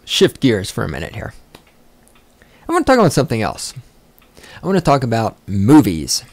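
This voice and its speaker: A man's voice: mid-range voice, huge pitch swings, normal speed, dry recording. Guy on a podcast going off on a sarcastic cussing rant, voice bouncing up and down, dry close sound. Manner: profane, sarcastic, easily sidetracked. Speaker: podcast host. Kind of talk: rambling casual rant.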